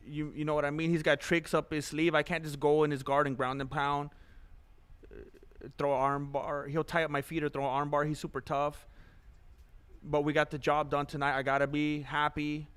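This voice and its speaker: A male fighter answering questions in a post-fight interview, measured and matter-of-fact. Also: on the high side, a bit bright, clear, resonant tone.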